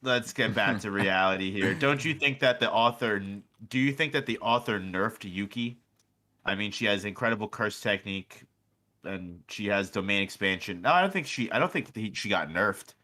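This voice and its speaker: A man's voice: on the low side, expressive, normal speed, sharp tone. A man co-hosting a stream in casual chat, blunt and mocking, with frequent swearing. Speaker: stream co-host.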